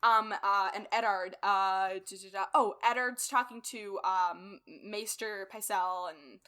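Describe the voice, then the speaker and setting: Bright, giggly young woman rambling. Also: medium pitch, steady tone, unhurried. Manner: rambling, forgetful, giggly, lots of fillers. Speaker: podcast co-host. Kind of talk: casual book-club chat.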